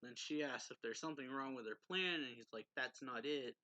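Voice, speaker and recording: A man's voice: mid-range voice, fast talker, bright, forceful tone, dry recording, poor audio. A man casually recapping a manga chapter in a rambling way, filling his sentences with "like" and restarting often. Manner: rambling, heavy use of "like", frequent restarts. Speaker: manga reviewer.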